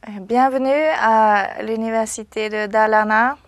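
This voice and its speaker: A woman from France who speaks English with a French accent, a university French teacher answering short interview questions hesitantly, with many filler pauses. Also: fairly high pitch, fairly even intonation, muffled recording.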